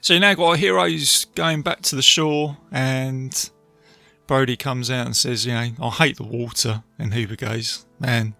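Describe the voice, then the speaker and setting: A man's voice: medium pitch, fairly even intonation, normal speed, gravelly, bright, forceful tone, no echo, soft background music. A man hosting a casual solo podcast, retelling film scenes. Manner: chatty, retelling scenes with many fillers. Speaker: podcast host, film reviewer. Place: beach outdoors.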